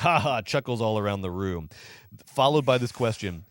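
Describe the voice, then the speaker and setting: A film-reviewing podcast co-host chats casually and sarcastically in a low-ish voice at normal speed, recorded in a clean studio with no echo. He's animated, uses lots of fillers and acts out quoted film lines in funny voices.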